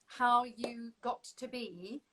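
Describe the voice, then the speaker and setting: Chatty woman host, a bit high. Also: fairly bright tone, a little hiss or hum, low-quality recording. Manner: quick, laughing, chatty. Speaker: interview host. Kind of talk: casual interview chat.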